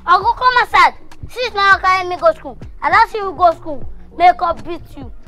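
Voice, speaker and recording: Bright high-pitched woman who scolds, music under her lines. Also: animated, moderate pace.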